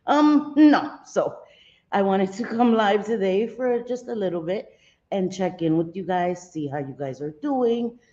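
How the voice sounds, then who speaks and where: A woman's voice: medium pitch, a little slow, dark tone, muffled recording. A middle-aged woman hosting a casual home livestream, greeting viewers by name with pet names like sweetie. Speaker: livestream host.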